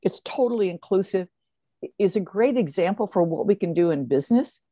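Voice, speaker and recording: An older woman, a guest in an interview, telling stories in a lively way with many fillers and restarts. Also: medium pitch, a little fast, no room sound. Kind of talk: casual interview storytelling.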